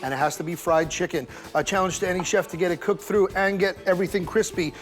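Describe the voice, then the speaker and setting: Brief: high-voiced male food presenter, punny showman delivery over faint music. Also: steady tone, quick pace. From New York. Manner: playful, pun-heavy, showman delivery. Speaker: food show host.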